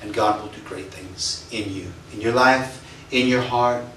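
A man's voice: lowish voice, measured pace, a bit bright, a little hiss or hum. A pastor, a man, preaching a sermon and telling a personal testimony in an earnest storytelling manner. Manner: storytelling, earnest, acts out quoted voices. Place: church. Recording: echoey church heard from a distance.

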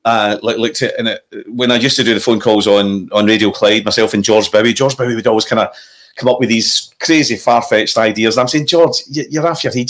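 A Scottish comedian spins a story in casual conversation. He is animated and breaks into impressions of other people. His voice sits at a medium pitch. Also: fairly quick. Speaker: comedian guest.

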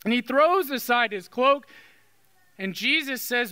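A man's voice: very high-pitched, lively intonation, a little slow, bright, forceful tone, clear, resonant tone. A man preaching a sermon as a Catholic priest, talking in a conversational way and often checking in with "okay?". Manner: conversational, with frequent "okay?" tag questions. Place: church. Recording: long reverb of a church hall.

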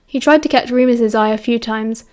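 British woman, audiobook narrator, steady measured storytelling, slightly high voice. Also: smooth. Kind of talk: audiobook reading.

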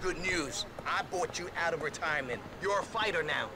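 A man's voice: a little high, moderate pace, a crowd in the background, natural voice. An actor playing a crude, scheming male fight promoter who talks in coarse street slang. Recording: game audio with music underneath.

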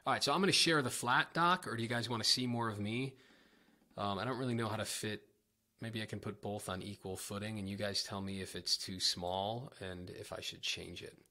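A man giving a casual livestream guitar lesson, chatty and rambling, often poking fun at himself. His voice is low and gravelly with a bright, sharp edge. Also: brisk. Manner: chatty, rambling, self-deprecating. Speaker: guitar teacher.

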